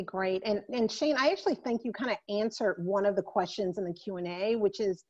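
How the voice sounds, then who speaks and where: A woman moderating a virtual panel, speaking in a measured way as she puts questions and sums up the points. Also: mid-range voice, a little mellow. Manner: measured, summarizing. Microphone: video call. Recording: muffled video-call audio.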